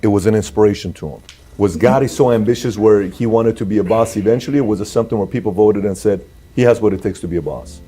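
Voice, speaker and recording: A man's voice: on the low side, quick pace, warm tone, breathy edge. A man interviewing a guest, asking long, rambling questions and rephrasing them. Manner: rambling, repeats his question.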